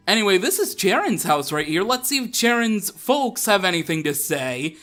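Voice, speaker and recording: A man's voice: sits high, sing-song, moderate pace, few pauses, fairly bright tone, soft background music. A young man hosting a Let's Play, chatting casually and laughing as he plays. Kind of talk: casual gameplay commentary.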